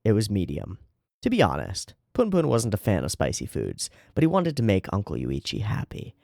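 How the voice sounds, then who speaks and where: Animated, chatty man reading a manga. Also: lowish voice, moderate pace, creaky, dry recording, studio quality. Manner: chatty, animated, swears casually. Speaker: manga reader and channel host. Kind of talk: reading a manga aloud with casual commentary.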